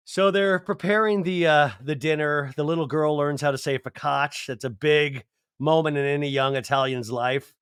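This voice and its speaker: A man hosting a podcast, giving an animated, digressive, jokey recap of a reality show. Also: fairly high pitch, unhurried, clean tone, dry recording, studio quality. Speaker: podcast host. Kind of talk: casual comedic TV recap.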